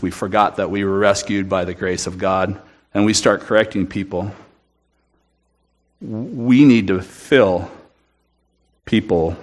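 A man giving an earnest, emphatic sermon testimony in a church room, often restarting his sentences. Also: lowish voice. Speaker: guest speaker at a church.

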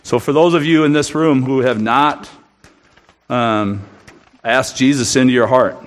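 A man's voice: medium pitch, a little slow. A man giving an earnest, emphatic sermon testimony in a church room, often restarting his sentences. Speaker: guest speaker at a church.

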